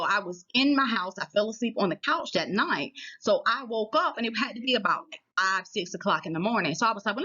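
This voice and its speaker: A woman's voice: medium pitch, a bit bright, dull audio. A woman telling a personal story to her viewers in a casual, chatty way, often checking in with them as she goes. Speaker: vlogger.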